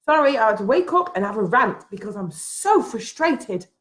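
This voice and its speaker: A high-pitched woman vents straight to camera in a vlog from home. She sounds frustrated and emphatic, circling back to the same points again and again. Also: very animated, normal speed, fairly bright tone. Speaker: vlogger. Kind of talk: impassioned rant to camera. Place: at home, having just got out of bed.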